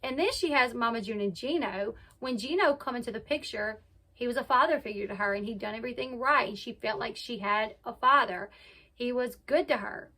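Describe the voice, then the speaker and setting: A woman's voice: on the high side, a little fast, pushed and bright. A woman casually retelling a reality show episode, acting out the quotes as she goes. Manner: chatty retelling, acts out quotes. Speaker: reality TV recap host. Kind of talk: casual recap narration.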